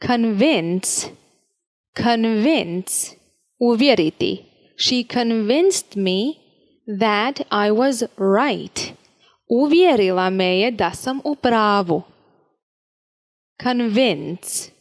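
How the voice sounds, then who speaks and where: A woman teaching vocabulary at a very slow, measured pace, pronouncing each word with care. Her voice sits a little high for a woman. She reads each word and example sentence steadily, like a drill in a lesson. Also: animated. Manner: slow, deliberate, carefully enunciated word-by-word reading. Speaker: language teacher.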